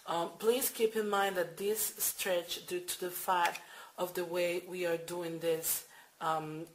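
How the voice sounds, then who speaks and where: A woman's voice: fairly low pitch, level tone, slow, background noise. A woman explaining crochet steps in a casual, hesitant way, full of fillers and repeated instructions. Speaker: crochet tutorial maker. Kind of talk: casual how-to demonstration. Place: home at night.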